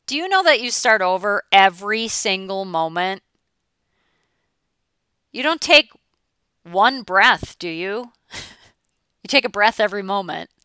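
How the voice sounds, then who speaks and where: A woman in her forties coaching listeners with a blunt, emphatic delivery and the odd casual swear word. Her voice is bright and clean, recorded close and dry with no room around it. She talks as a motivational mindset coach. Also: mid-range voice, animated, a little slow, long pauses, clear, resonant tone, no echo. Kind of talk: motivational talk.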